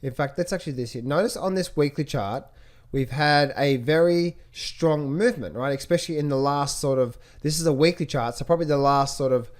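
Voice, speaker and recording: A man's voice: a little high, brisk. A man giving a screen-share lesson on reading stock charts, repeating himself and asking rhetorical questions as he points things out. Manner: rhetorical questions, repetitive, animated. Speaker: trading educator.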